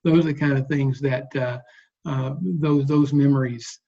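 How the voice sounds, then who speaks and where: A man in his sixties, a guest bass player, telling stories in an interview in a relaxed, rambling way. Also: unhurried, creaky, dull audio. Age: 60s. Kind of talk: interview storytelling.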